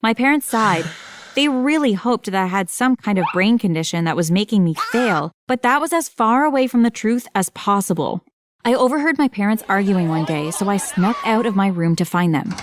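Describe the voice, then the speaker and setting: A woman giving scripted first-person narration for an animated story, matter-of-fact with wry asides. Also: medium pitch, moderate pace, slight background noise.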